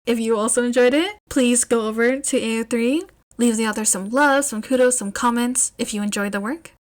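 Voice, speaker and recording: Woman reading a podfic, expressive and lively. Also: on the high side, fairly quick. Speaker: podfic reader. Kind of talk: fan fiction podfic narration.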